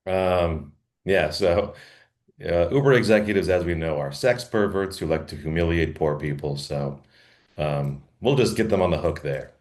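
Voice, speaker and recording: A man with a low voice and a darkish tone talks at normal speed. As a comedy podcast co-host, he reads a draft email aloud during casual chat, laughing often between the lines.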